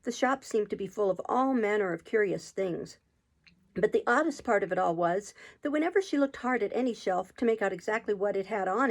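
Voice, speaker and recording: A woman reading a children's classic aloud, narrating in a calm, steady way. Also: medium pitch. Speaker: channel host reading a book aloud. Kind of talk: storybook narration.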